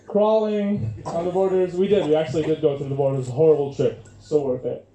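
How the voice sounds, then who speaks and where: A man's voice: a little high, brisk, very noisy. A young man from Syria performing a stand-up comedy set, chatty and loose, with lots of fillers. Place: comedy club stage. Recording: echoey room, poor audio.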